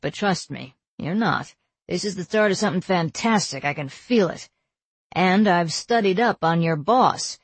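A woman reading the lines of a middle-aged father who reassures his daughter, in a husky, dry voice. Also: mid-range voice, no echo. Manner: reassuring, fond.

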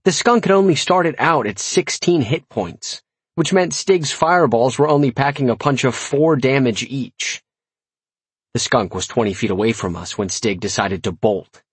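A man reading a comic first-person audiobook with wry, lively storytelling. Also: medium pitch, normal speed, husky, dry recording. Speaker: audiobook narrator.

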